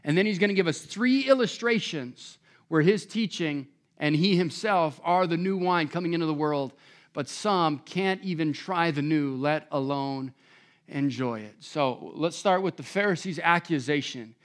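A man preaching a sermon to a congregation, conversational and animated, joking with his listeners. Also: fairly high pitch, moderate pace. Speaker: pastor.

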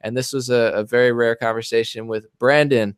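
A man's voice: medium pitch, little pitch movement, fast talker, smooth, dry recording, clean studio sound. A man hosting a podcast in casual chat, rambling and joking as he tells stories. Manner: rambling and jokey. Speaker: podcast host.

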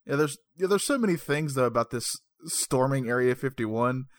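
A laid-back man trades jokes as a podcast co-host. His voice sits at mid pitch, and he was recorded close on a dry mic. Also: animated, normal speed, no echo. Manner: laid-back, joking replies. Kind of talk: casual podcast chat.

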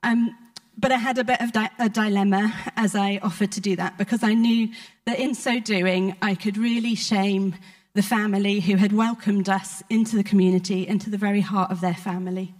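A woman preaching in church, telling a personal testimony in a heartfelt, conversational way with frequent pauses. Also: medium pitch, fairly even intonation, a little mellow. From United Kingdom. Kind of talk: sermon storytelling.

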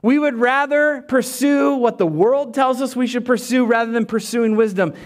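Man, pastor, sermon, higher voice, emphatic, soft prayerful asides. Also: normal speed. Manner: emphatic preaching, drops to soft prayerful tones.

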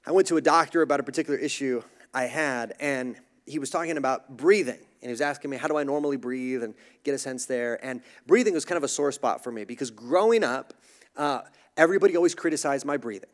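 A man's voice: medium pitch, fast talker. A man preaching a sermon, casual and conversational, who jokes about himself and acts out the voices of others in his stories. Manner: conversational, self-deprecating humor, acts out voices. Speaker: pastor.

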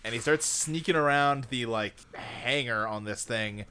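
A man co-hosting a casual chat podcast who recaps a movie in a rambling, animated way, laughing often and slipping into quick mocking voices. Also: mid-range voice, smooth. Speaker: podcast co-host.

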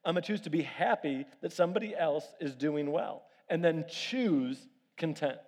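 A man preaching a sermon, telling family stories with lively animation and asking the congregation to raise their hands. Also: fairly high pitch, moderate pace. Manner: animated storytelling with audience questions. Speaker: pastor. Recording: long reverb of a large hall.

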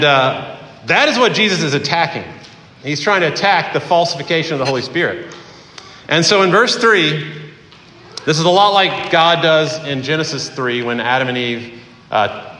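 Bright-voiced man preaching in an echoey hall. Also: fairly high pitch, slight background noise. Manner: conversational preaching with fillers and pauses. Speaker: pastor. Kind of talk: sermon.

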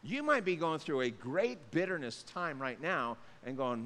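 Pastor, male, high voice, loose and jokey storyteller, long hall echo. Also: big pitch swings, moderate pace, few pauses, fairly bright tone. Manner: casual, joking storytelling. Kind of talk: sermon.

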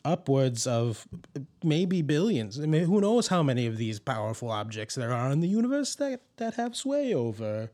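A man with a cold and a sore throat, ranting excitably about far-fetched conspiracies on a comedic podcast. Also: mid-range voice, normal speed. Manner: excitable, ranting, earnest mock-conspiracy talk. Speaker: podcast co-host playing a conspiracy theorist. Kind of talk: comedic improvised podcast bit.

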